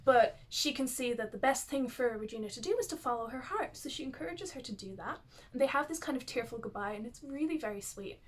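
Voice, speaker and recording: A woman with a high voice talks through a story in a loose, chatty recap. She keeps reaching for fillers and restarts as she goes. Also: animated, fairly quick. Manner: chatty, uses lots of fillers. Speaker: youtuber. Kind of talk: casual plot recap.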